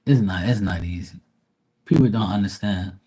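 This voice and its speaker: Husky, low-voiced man swearing through stories. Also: moderate pace, warm tone. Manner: profane, rambling,喜 joking. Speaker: livestream tarot reader. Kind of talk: casual livestream storytelling.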